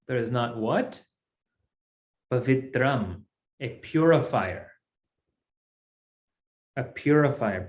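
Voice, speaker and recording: A man teaching a language class at an unhurried pace, his pitch rising and falling freely as he explains each point patiently. His voice sits in a roomy, echoing space. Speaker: Sanskrit teacher.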